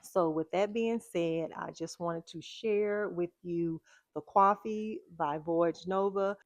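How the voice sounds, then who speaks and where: Chatty woman, lowish voice. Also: takes it slowly, no echo. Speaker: fragrance vlogger. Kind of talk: casual chat.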